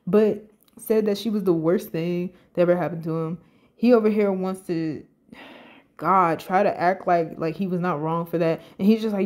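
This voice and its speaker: A woman giving casual, profane commentary on a reality show, animated and incredulous. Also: fairly low pitch, moderate pace.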